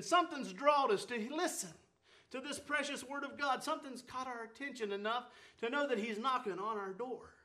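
A man's voice: extremely high pitch, sharp tone. A man preaching a sermon in a folksy, fervent way, repeating phrases for emphasis.

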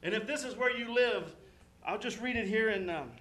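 High, bright-voiced fervent young preacher. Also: male voice, moderate pace. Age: young adult. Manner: fervent, with repeated exclamations. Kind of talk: sermon.

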